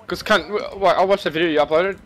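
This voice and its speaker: A young man in casual gaming chat over a voice call, loud and swearing, laughing through banter with friends. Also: sits high, fairly even intonation, fast talker, a little hiss or hum.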